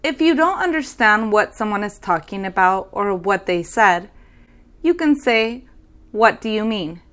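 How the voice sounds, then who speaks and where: A young woman hosting an English lesson, saying everyday phrases slowly and carefully for learners. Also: medium pitch, lively intonation, fairly bright tone. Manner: slow, careful demonstration of phrases. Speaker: English teacher. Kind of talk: language lesson.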